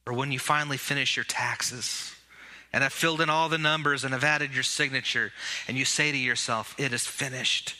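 A man preaching an Easter sermon with animated emphasis, leading the congregation in call-and-response while his voice is giving out. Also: mid-range voice, a little fast. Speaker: pastor.

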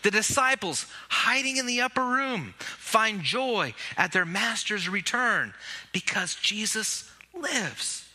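A man preaching an Easter sermon with animated emphasis, leading the congregation in call-and-response while his voice is giving out. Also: high voice, takes it slowly. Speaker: pastor.

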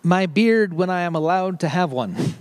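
A middle-aged man giving a casual sermon, talking in a chatty, joking way with quick asides. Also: sits high, animated, clear, resonant tone. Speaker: preacher.

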